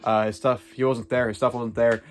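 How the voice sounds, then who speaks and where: A man's voice: mid-range voice, little pitch movement, fairly quick. A man vlogging, telling a story casually in a rambling way full of "like" and "uh".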